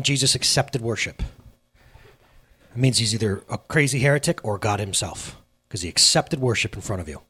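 A man's voice: mid-range voice, fairly bright tone, breathy edge. A middle-aged man preaching a casual sermon to a live congregation, conversational and self-deprecating, asking the room questions. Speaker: pastor.

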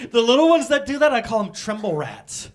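A middle-aged man preaching a casual, conversational sermon, joking and talking straight to the congregation. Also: extremely high pitch. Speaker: pastor.

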